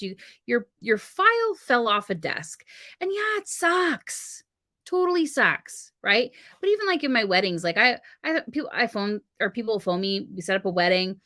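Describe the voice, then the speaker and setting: A woman talks in a casual live-stream chat, with a bright, forceful tone. She tells stories in an animated way and acts out the other voices in her exchanges. She sounds like a regular co-host talking from her home studio. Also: medium pitch. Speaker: podcast co-host and wedding officiant.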